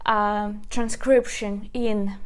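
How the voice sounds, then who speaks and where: A woman with a Ukrainian accent teaching a language lesson, speaking slowly and patiently, repeating words for learners at a whiteboard. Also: medium pitch, level tone, clear, resonant tone. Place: classroom with a whiteboard.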